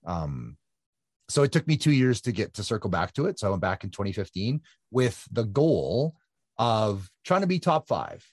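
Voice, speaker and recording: Man in his 50s, interview guest, rambling animated storyteller, lowish husky voice. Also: moderate pace, no echo, clean studio sound. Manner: animated storyteller with lots of fillers and restarts. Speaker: guest, ultra-endurance triathlete.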